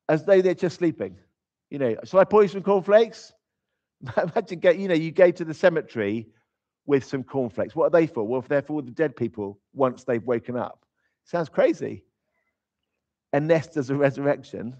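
A man's voice: on the high side, warm tone. A man preaching in an informal, conversational way. He is emphatic and drops in humorous asides. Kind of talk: conversational sermon. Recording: slightly dull, lo-fi sound.

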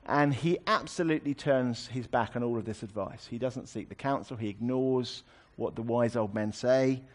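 A man's voice: medium pitch, normal speed. A man preaching a sermon, explaining a scripture passage in a conversational way with wry asides.

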